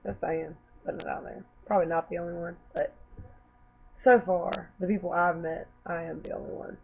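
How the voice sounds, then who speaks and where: Young woman, sick with a cough, blunt and animated, swears a lot, casual vlog storytelling, tinny phone-like sound. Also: fairly low pitch, brisk, vocal fry, slight background noise. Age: young adult. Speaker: vlogger.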